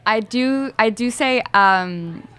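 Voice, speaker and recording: Woman, from France, chatty guest, bright higher voice, smooth clear tone. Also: slow pace. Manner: chatty, laughs easily, many fillers. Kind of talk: casual chat.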